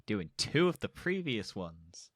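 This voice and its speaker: A man's voice: mid-range voice, big pitch swings, unhurried, no echo, clean studio sound. A young man co-hosting a podcast, talking bluntly with crude asides in casual chat. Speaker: podcast co-host.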